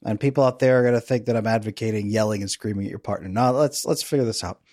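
A middle-aged man, a relationship coach, talking as a podcast guest in a lively, playful, guiding way. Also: lowish voice, fast talker, no room sound, clean studio sound. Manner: energetic, playful, guides listener through an exercise. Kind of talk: conversational interview.

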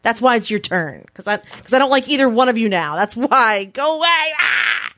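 A woman's voice: on the high side, expressive, moderate pace, bright, forceful tone, no room sound. A woman in her thirties co-hosting a podcast in casual chat, blunt and swearing freely as she acts out quoted arguments. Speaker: podcast co-host.

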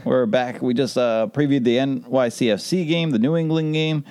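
A man's voice: medium pitch, steady tone, normal speed, darkish tone, clear, resonant tone. A man hosting a casual sports podcast, upbeat and joking as he leads the talk. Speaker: podcast host.

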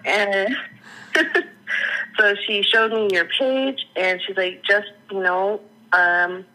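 A woman's voice: mid-range voice, fairly even intonation, slow, bright, forceful tone, poor audio. A woman who is a guest on the podcast, talking candidly and laughing often in a casual interview. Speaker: podcast guest, former coaching client.

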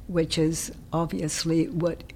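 A woman guest in an interview, explaining her ideas in a gentle, reflective way that often drops into a soft whisper. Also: sits low, little pitch movement, takes it slowly, slight background noise. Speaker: interview guest, self-inquiry teacher.

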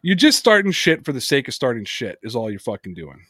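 A man's voice: medium pitch, brisk, husky, no room sound, studio quality. A man hosting a podcast, telling a story in casual chat, swearing freely and acting out what others said. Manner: animated storyteller, swears freely, acts out quotes. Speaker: podcast host.

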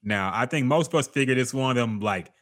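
A man's voice: mid-range voice, fairly quick, a bit bright. A man co-hosting a casual podcast, reacting to trailers and sports news with blunt, profane commentary. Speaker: podcast co-host.

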